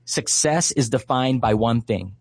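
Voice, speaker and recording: A man's voice: mid-range voice, unhurried, creaky, husky, no room sound. A man in his thirties from Hawaii, a guest in an interview, telling a story earnestly and passionately with lots of fillers. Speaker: guest, Christian activist.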